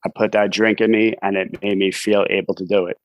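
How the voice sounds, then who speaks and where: A low-pitched man with a New York accent tells his story in a flat, even tone. He rambles casually and leans on "you know" fillers. The sound is dry and close, with no room echo. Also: brisk, lo-fi sound. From Brooklyn, New York. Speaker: podcast guest, author in recovery.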